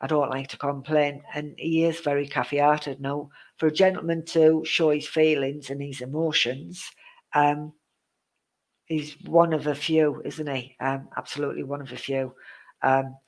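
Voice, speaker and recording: A woman talks through a live-streamed psychic reading in a gravelly, creaky voice. She is chatty and keeps circling back over the same phrases. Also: deep voice, level tone, moderate pace, rough recording. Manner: chatty, repetitive, laughs at tech trouble. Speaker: psychic medium. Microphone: live-stream setup with a glitchy connection.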